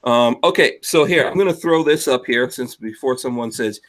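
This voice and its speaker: A man's voice: mid-range voice, normal speed, a bit bright. A man hosting a casual podcast, rambling and teasing his co-hosts with lots of fillers. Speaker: podcast host.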